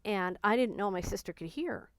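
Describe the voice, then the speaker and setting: Woman, candid personal vlog talk, earnest and self-reflective, smooth clear voice, dry close sound. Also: medium pitch, expressive, normal speed, no room sound, poor audio. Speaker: vlogger.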